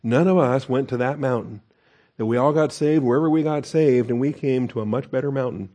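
Mellow-voiced man preaching a casual sermon. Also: medium pitch, a little fast. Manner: conversational, humorous asides. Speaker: pastor teacher.

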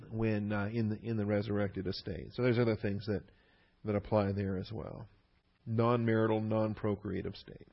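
Man teaching the Bible, dull recording. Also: on the low side. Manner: stresses key words, with fillers and restarts.

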